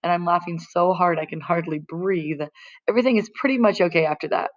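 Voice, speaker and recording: A woman's voice: lowish voice, a little fast. Woman reading a novel aloud, muffled. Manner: plain conversational narration. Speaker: audiobook reader. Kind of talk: first-person novel reading.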